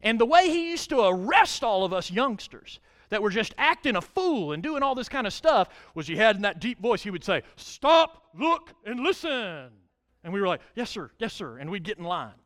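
A middle-aged male pastor preaching a sermon, reading scripture aloud and swelling loud on key words. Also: sits high, lively intonation, fairly quick.

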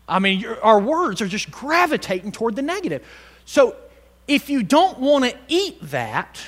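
High, lively-voiced preacher man. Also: long reverb tail. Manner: animated, swings from loud exhortation to hushed tones; calls on the congregation to respond. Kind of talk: sermon.

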